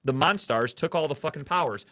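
A man's voice: on the high side, fairly quick, pushed and bright, no echo. A man from the Cleveland area hosting a casual sports podcast, ranting heatedly and swearing often. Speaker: podcast host.

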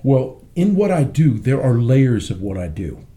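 Rich: A brash man in a casual interview, rambling and cursing freely. His voice is mellow and dark in tone, but it swings widely up and down as he talks. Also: medium pitch, big pitch swings, a little slow. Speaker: interview guest, musician.

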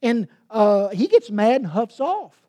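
A woman preaching a sermon in a storytelling way, swinging from loud passages to hushed whispers. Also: on the high side, sing-song, unhurried, lo-fi sound.

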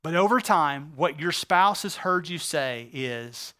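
A man preaching a sermon as a pastor, earnest and emphatic, slowing down to stress key phrases. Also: a little high, lively intonation, pushed and bright.

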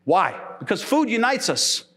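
Lively high-pitched preaching man. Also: a little slow, breathy edge. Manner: animated, humorous storytelling preaching, laughs often. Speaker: pastor. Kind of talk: sermon. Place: church.

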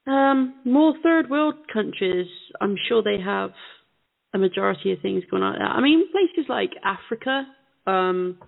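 A woman co-hosting a casual call-in talk show, chatting in a relaxed, agreeable way. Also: medium pitch, measured pace, gravelly. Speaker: co-host. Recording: phone line.

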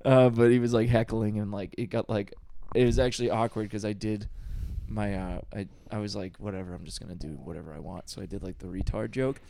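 A man's voice: on the low side, steady tone, fairly quick, gravelly, dark tone. A man co-hosting a comedy podcast, rambling through a story with many fillers and laughs. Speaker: podcast co-host, stand-up comic. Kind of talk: casual storytelling.

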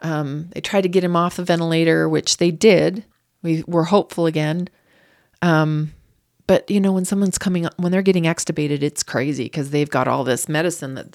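A woman appears as an interview guest, recounting a painful personal story with raw grief, her voice surging up when she gets upset. Her voice is low, creaky, and darkish in tone.

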